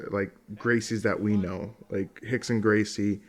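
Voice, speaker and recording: A man's voice: on the low side, steady tone, unhurried. A man casually commentating on old fight footage, rambling, swearing often and laughing along.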